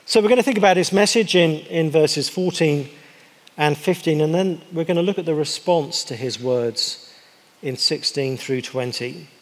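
A man preaching a sermon in a conversational, wry way, slowing down to stress key words. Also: a little high. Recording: long hall reverb.

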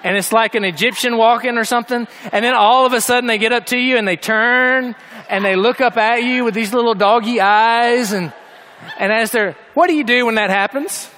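Male preacher, fairly high voice, animated storytelling sermon, humor then earnest call. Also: fairly quick, a little hiss or hum.

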